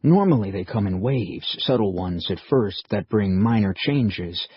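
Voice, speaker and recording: A calm older man explains things quietly and carefully in a husky, low voice, as the narrator puts him on. The sound is dull and muffled, with a dry, close feel. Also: no room sound, heavily acted. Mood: measured. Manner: quiet, measured.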